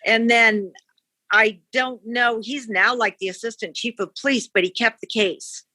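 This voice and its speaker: A woman's voice: a little high, steady tone, unhurried, pushed and bright. A woman from the victim's family, talking frankly and casually in an interview. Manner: plain-spoken, frank.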